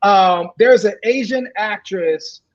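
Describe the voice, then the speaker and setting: A woman co-hosting a podcast in a casual group chat, talking haltingly with many fillers and restarts. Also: medium pitch. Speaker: podcast co-host. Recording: dull lo-fi sound.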